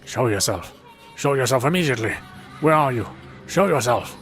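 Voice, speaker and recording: A man's voice: medium pitch, expressive, moderate pace, a bit bright, soft background music, lightly acted. A man voicing a tormented, violent man who calls himself a beast, speaking in ragged, stuttering outbursts, in a fan voice dub of a visual novel.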